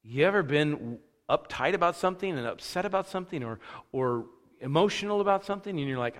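A man preaching a conversational sermon, casual and animated, acting out the thoughts he quotes. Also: a little high, fairly quick. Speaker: pastor. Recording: long reverb of a large hall.

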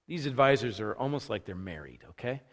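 A man preaching a conversational sermon, casual and animated, acting out the thoughts he quotes. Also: mid-range voice, brisk. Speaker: pastor. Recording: long reverb of a large hall.

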